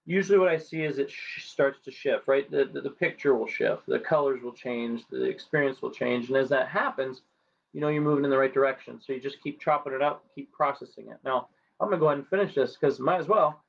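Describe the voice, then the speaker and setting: A man's voice: medium pitch, brisk, creaky, lo-fi sound. A man who works as a natural health doctor guides viewers through a tapping exercise on a live stream, talking casually and checking in with them often. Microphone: live-stream camera mic.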